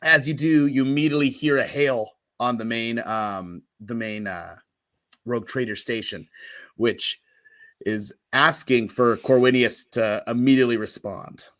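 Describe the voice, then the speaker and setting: A man's voice: mid-range voice, fairly even intonation, unhurried, bright, forceful tone. A man narrating as game master of a tabletop role-playing game, playful and chatty.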